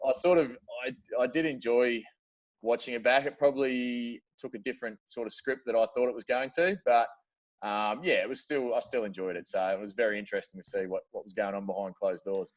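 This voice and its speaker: A man's voice: medium pitch, fairly even intonation, brisk. An Australian man chatting casually as a podcast guest, laid-back and slangy, laughing often. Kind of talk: casual chat.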